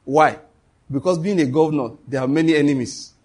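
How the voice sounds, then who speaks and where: A middle-aged man, preaching a sermon to a congregation and leading call-and-response, animated and quick to laugh. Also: on the high side, slightly rough. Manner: animated, laughs often, shifts to quoted voices. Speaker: pastor. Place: church hall before a congregation.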